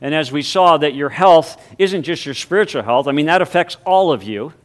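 A male pastor giving a sermon, moving from a hushed, reverent prayer into emphatic preaching with deliberate, drawn-out stresses. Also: on the high side, animated. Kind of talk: spoken prayer.

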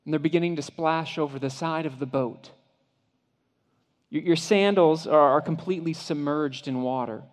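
A male pastor giving a sermon, vividly retelling a story in the second person and often dropping to a hushed voice. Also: a little high, normal speed. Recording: long hall reverb.

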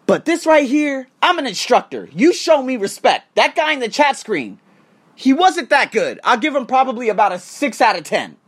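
A man's voice: extremely high pitch, very animated, normal speed. A man who works as an online course instructor and coach, ranting in a heated, profane, casual monologue. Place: Thailand.

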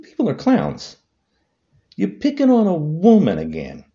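This vlogger's pitch swoops wildly as he rants angrily about politics straight to camera, repeating insult after insult. His dark-toned voice moves a little slowly, and the recording is lo-fi.

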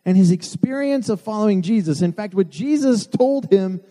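A man's voice: high voice, expressive, normal speed, mellow. A man preaching a sermon to his church, earnest with self-deprecating asides. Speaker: pastor. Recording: long hall reverb.

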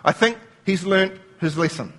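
A man's voice: high voice, expressive, moderate pace, fairly bright tone. A man preaching a sermon, explaining scripture word by word and quoting lines as he goes.

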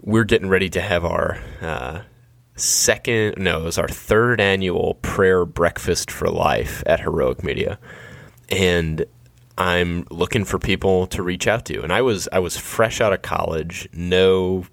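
A man's voice: low voice, measured pace, gravelly, no echo. A man in his thirties, a nonprofit fundraiser, telling a story in a conversational, self-deprecating way. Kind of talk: anecdotal storytelling.

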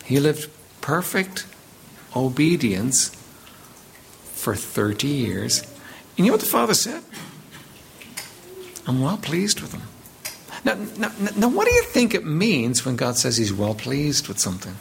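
A man's voice: medium pitch, very animated, unhurried, gravelly, pauses often, a little hiss or hum. A man preaching a sermon as pastor, reading scripture aloud and emphatically repeating words as he builds his points.

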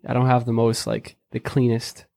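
A man's voice: medium pitch, completely flat delivery, normal speed, gravelly, a little mellow, no room sound. Man, Boston accent, casual panel chat, rambling, dry close sound. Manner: loose, rambling, swears casually. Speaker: podcast panelist.

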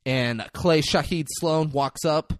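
A man in casual podcast chat, retelling a film scene with animated, loud impressions and lots of swearing. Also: on the high side, takes it slowly, dry recording, studio quality. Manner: animated, acts out quotes loudly, swears a lot.

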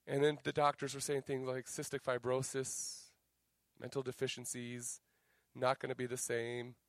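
A man preaching a sermon as pastor, energetic and joking, dropping to a quiet tone for personal stories. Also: mid-range voice, moderate pace, no room sound.

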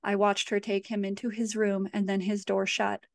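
Woman author reading her horror story, steady pace, dry close mic. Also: medium pitch, moderate pace, vocal fry, dry recording.

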